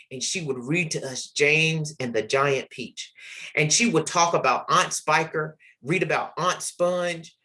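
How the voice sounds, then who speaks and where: A man's voice: fairly high pitch, bright, forceful tone. A man in his forties, hosting a literacy podcast, earnestly tells personal stories with the odd filler word. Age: 40s. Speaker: podcast host, literacy educator. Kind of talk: reflective personal storytelling.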